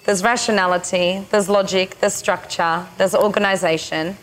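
Woman, spiritual teacher, retreat session, slow halting delivery, middle pitch. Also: steady tone. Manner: slow, halting, with many pauses.

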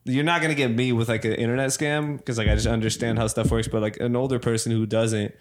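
A young man chats casually with friends, rambling through a story with constant fillers. He slips into quick put-on voices for the people he quotes. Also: mid-range voice, steady tone, slight background noise. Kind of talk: casual chat.

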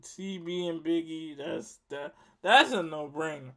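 A man's voice: a little high, measured pace, fairly bright tone. A man giving a casual rant to his viewers, emphatic and profane, repeating himself for effect. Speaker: vlogger.

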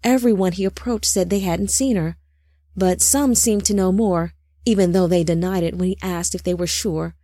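Woman, narrator, scripted audiobook narration, slow deliberate delivery, lowish voice. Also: fairly even intonation, mellow, dry recording, clean studio sound. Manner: slow, deliberate, measured reading.

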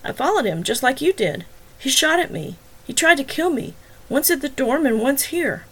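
A woman voicing a frantic, whining female killer in a narrated story, her lines shrill and desperately pleading. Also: big pitch swings, moderate pace, a bit bright, exaggerated voice.

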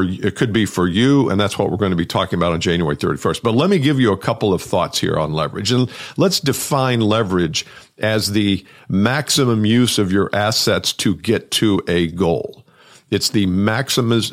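A man, a sales and business coach, talks alone on his podcast in an energetic, conversational way, often repeating words for emphasis. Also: sits low. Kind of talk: solo podcast monologue.

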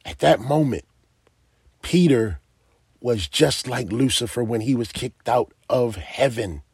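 Male preacher, sermon, slow deliberate delivery, husky tone, dry close sound. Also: medium pitch, animated, a little mellow, dry recording. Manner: emphatic, asks the listeners direct questions.

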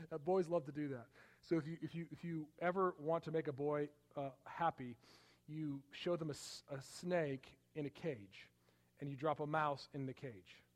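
A middle-aged pastor delivers a sermon in a relaxed, conversational tone. His voice sits a touch high for a man, and he lifts his volume to stress key points. He often restarts his sentences as he speaks. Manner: conversational preaching, rising for emphasis, frequent restarts.

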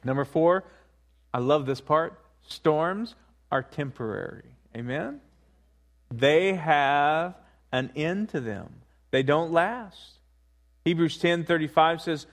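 A man preaching a sermon, swinging between hushed asides and rising, emphatic points, with frequent repetition. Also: fairly high pitch, takes it slowly. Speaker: pastor.

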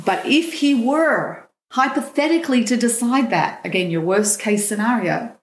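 A dating coach appearing as a podcast guest recounts something from her own life at a moderate pace, her voice fairly high. She voices the other people's lines with animation and emotion, and the room has an echo.

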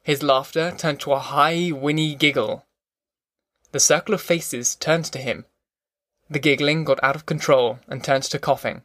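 A man reading a novel aloud as an audiobook narrator, in measured, even storytelling. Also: a little high, dry recording, studio quality. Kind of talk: scripted narration.

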